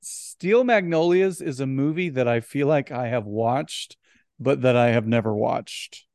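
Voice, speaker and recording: A man co-hosting a podcast, chatting casually about films in an animated way and often restarting his words. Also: medium pitch, unhurried, no room sound, studio quality. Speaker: podcast co-host. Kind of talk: casual film discussion.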